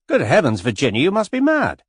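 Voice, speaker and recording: A man reading an audiobook, voicing a stuffy, indignant middle-aged English gentleman in a formal, booming way. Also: sing-song, fairly quick, no room sound, clean studio sound. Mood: outraged.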